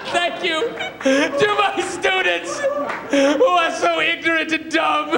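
A man's voice: very high voice, slow, gravelly, over loud music, over a noisy crowd, pitched above the performer's own voice, exaggerated voice. A man impersonating a pompous, overly emotional older TV interviewer giving a theatrical thank-you speech. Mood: grandiose.

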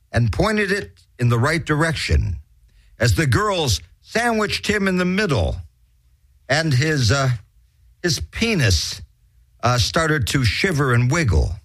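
A man hosting a crude comedy show, rambling through raunchy shout-outs and dirty rhymes. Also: a little high. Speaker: host.

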